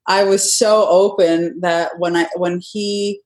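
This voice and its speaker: A woman's voice: lowish voice, steady tone, slow pace. A young adult woman, a guest, earnestly telling her own love story in a casual conversation.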